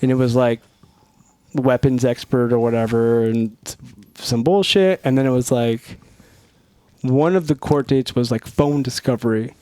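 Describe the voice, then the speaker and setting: A man's voice: mid-range voice, measured pace, clean tone, dry recording. A middle-aged man from Northern California telling a wild story on a podcast, swearing freely, laughing often and acting out the dialogue. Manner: profane, laughing, animated retelling with quoted dialogue. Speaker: podcast guest, former Navy SEAL. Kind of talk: casual storytelling.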